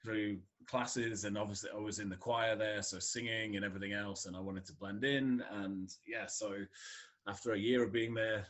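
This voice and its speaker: A man's voice: lowish voice, steady tone, moderate pace, a bit bright. A middle-aged man from Scotland with a neutral English accent, chatting as a podcast guest, laughing often and using many fillers. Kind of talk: casual conversation.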